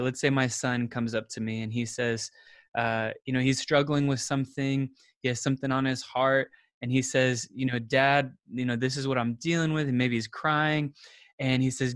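A man's voice: medium pitch, fairly bright tone, dry recording, clean studio sound. A man in his thirties, a podcast guest, who talks earnestly in a casual interview and repeats words as he thinks.

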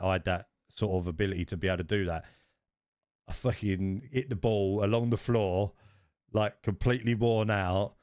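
A man co-hosting a podcast, telling stories in an animated way. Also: lowish voice, dry recording, clean studio sound. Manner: animated storytelling, rising when worked up. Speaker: podcast co-host. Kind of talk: casual chat.

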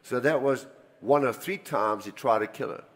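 A man's voice: mid-range voice, normal speed. Older male pastor in a reverberant hall. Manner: animated storytelling, swinging between loud emphasis and quiet asides. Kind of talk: sermon with personal stories.

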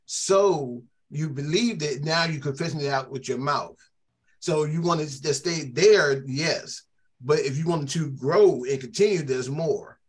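A man's voice: fairly high pitch, measured pace, husky. A man who is a church elder, explaining scripture step by step in a Bible study discussion.

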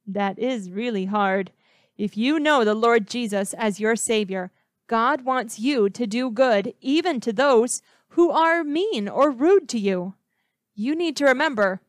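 Higher-voiced woman giving a children's Bible lesson; gentle questions, dry close sound. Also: no echo. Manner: asks the listener questions, slow and gentle.

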